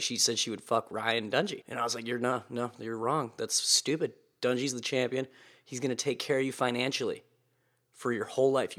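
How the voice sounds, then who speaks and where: A man's voice: fairly low pitch, fairly bright tone. A man from Boston hosting a casual solo podcast, rambling and swearing with a sarcastic edge. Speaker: podcast host.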